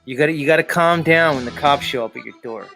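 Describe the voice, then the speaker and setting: A man's voice: fairly high pitch, fast talker, creaky, bright, forceful tone, soft background music. A man hosting a live stream show, talking casually in a rambling, profane way and chuckling often.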